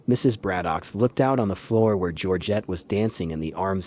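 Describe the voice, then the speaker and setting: A man narrating a novel as an audiobook, in measured, dry first-person storytelling. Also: sits low, a little mellow, a little hiss or hum. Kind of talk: scripted literary narration.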